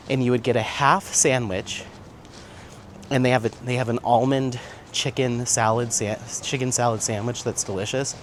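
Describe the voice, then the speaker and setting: A man hosting a casual vlog while walking outdoors, chatting and laughing often as he reads out viewer comments. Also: mid-range voice. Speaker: vlog host. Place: outdoors on town streets. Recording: street noise, outdoor recording. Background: faint street and traffic sounds.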